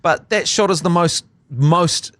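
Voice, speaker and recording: A man with a New Zealand accent co-hosting a sports podcast, chatting in a joking, animated way with crude humour. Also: on the high side, measured pace, no echo. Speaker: podcast co-host. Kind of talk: casual sports banter.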